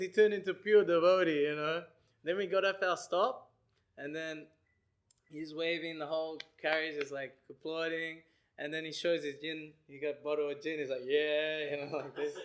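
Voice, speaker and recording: A man giving a lecture, telling an animated story and acting out the people in it. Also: a little high. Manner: animated, acts out people he describes and sings chants.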